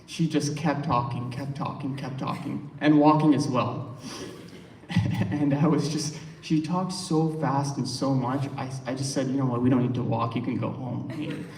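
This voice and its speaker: A son shares lively, conversational stories about his mother, switching voices as he quotes her. He sounds far from the microphone, with a roomy hall reverb and a faint hiss. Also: medium pitch, moderate pace. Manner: chatty, animated when quoting others, laughs lightly. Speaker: son giving a eulogy. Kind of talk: funeral eulogy, anecdotal storytelling. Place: funeral hall.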